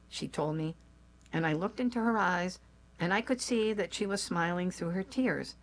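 A woman, likely older, telling a personal family story aloud in a slow, gentle, measured way. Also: on the low side, lively intonation, gravelly.

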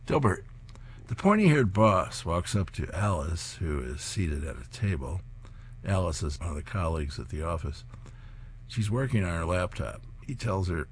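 Reading comic strips aloud as a program host, this man chuckles at the jokes in his reading-service narration. His voice is low-pitched with big pitch swings, his pace is normal, and there's slight background noise.

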